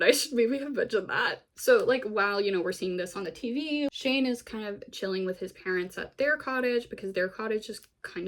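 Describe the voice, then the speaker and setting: Chatty, animated woman recapping a show. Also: mid-range voice. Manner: animated, gossipy, full of "like" and asides. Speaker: vlogger. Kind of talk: casual recap of a TV series.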